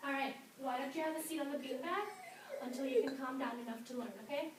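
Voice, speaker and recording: A woman teacher leading a morning meeting in a classroom, speaking gently and patiently and praising children by name. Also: high-pitched, quick pace. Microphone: far camera. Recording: roomy, distant with background noise.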